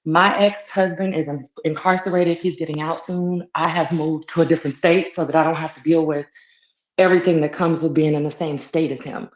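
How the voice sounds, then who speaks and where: A woman calling in to a live chat, speaking softly, hesitantly and politely. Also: low voice, fairly even intonation, brisk. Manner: soft-spoken, hesitant, polite. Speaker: caller. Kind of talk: casual call-in chat. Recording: dull echoey call audio.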